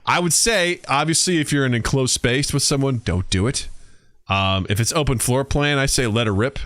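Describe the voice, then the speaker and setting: A man co-hosting a podcast in casual, joking chat, animated and quick to act out stories. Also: mid-range voice, no echo. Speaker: podcast co-host.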